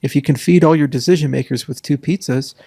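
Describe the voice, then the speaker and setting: A man's voice: a little high, quick pace, vocal fry, mellow, dry recording, clean studio sound. A man talking as an interview guest, rambling through long answers and listing points, with sarcastic asides. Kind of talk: casual interview talk.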